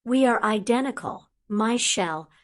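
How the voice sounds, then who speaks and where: A woman's voice: fairly high pitch, expressive, unhurried. A woman voicing Death, an ageless male entity in a young man's shape, bemused and whining, in a storybook reading.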